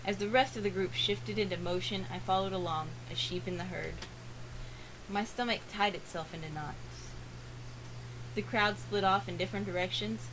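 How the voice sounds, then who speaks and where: A woman reading a visual novel aloud for a let's play, earnest, with dramatic pauses. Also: mid-range voice, fairly even intonation, noisy background.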